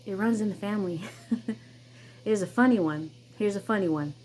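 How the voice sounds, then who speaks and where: A woman's voice: medium pitch, normal speed, a little mellow, slight background noise, low-quality recording. A woman hosting her own channel, telling a personal story in an emphatic, insistent way, with many repeats and restarts. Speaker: vlogger, channel host.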